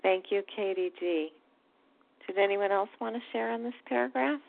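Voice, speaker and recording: A woman's voice: mid-range voice, gravelly. Woman chairing a meeting over phone. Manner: brisk, checking who wants to speak. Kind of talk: running a group meeting. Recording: phone-like line.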